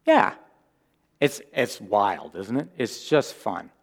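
A man's voice: fairly low pitch, big pitch swings, slow pace. A man preaching a conversational sermon as a pastor, informal and humorous, often asking the congregation questions.

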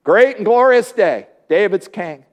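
A man's voice: high-pitched, lively intonation, a little slow. A man preaching a sermon, retelling a Bible story playfully and joking with his congregation.

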